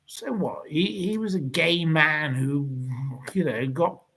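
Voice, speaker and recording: A man's voice: a little high, animated, slow pace, fairly bright tone, husky, rough recording. A man hosting a livestream, ranting indignantly and rambling as he answers viewer comments. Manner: indignant, rambling, repeats insults.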